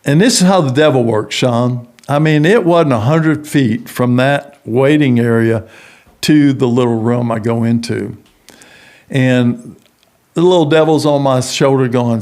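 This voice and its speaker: A man's voice: mid-range voice, a little slow, darkish tone. A middle-aged man, a prison ministry founder, telling a long personal story in a podcast interview and acting out the people he quotes.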